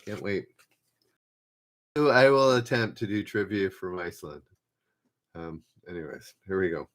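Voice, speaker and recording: A man hosting a live-stream trivia game, relaxed and self-deprecating, repeating each question as he reads out viewers' guesses. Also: deep voice, unhurried. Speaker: trivia host.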